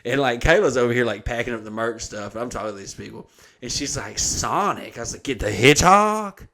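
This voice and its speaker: A man's voice: mid-range voice, quick pace, a bit bright. Male podcast host in his 30s, crude storyteller who acts out the voices. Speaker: comedian host. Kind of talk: casual storytelling chat.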